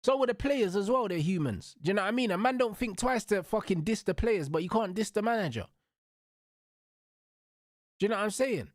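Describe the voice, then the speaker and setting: A man's voice: sits high, lively intonation, brisk, pauses often, no room sound, studio quality. A young man ranting hotly about football as a watch-along host, swearing freely and ending every line with bro, bruv or blood. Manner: profane, slang-heavy, repeats tags like bro and blood. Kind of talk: heated football rant.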